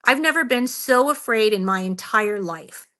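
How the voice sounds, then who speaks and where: A woman with a bright, tense, fairly high voice tells a frightening story from her own life. She talks earnestly and a bit shaken, with lots of fillers, and keeps acting out what she said and thought. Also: animated, normal speed. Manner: earnest, shaken, many fillers and quoted self-talk. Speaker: guest, Bigfoot researcher. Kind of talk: telling a personal story in a radio interview.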